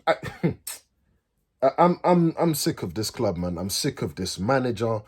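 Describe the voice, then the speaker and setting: A man, a football fan host, ranting furiously, swearing and repeating himself, his voice swinging from high outbursts to low mutters. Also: sing-song, measured pace, slightly rough. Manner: pitch swings from loud highs to low mutters. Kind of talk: angry fan rant.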